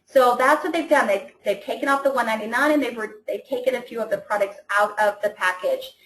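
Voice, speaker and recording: A woman's voice: on the high side, fast, fairly bright tone, echoey room, slight background noise, low-quality recording. A woman coaching her sales team in a casual training call, chatty and enthusiastic, often restarting her sentences.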